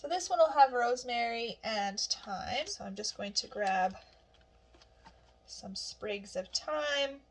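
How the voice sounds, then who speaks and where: A woman's voice: fairly high pitch, animated, slow, a little hiss or hum. A woman vlogging casually at home, chatting cheerfully while she cooks. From Canada. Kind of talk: casual chat.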